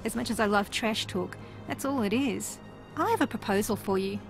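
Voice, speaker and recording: Actress doing a deadpan, teasing game contestant from New Zealand, mid-pitched, sarcastic. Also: female voice, moderate pace, faint music behind, lightly acted. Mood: wry. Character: wry, sarcastic female reality-TV contestant, former aerialist. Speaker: reality show contestant. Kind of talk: video game voice acting.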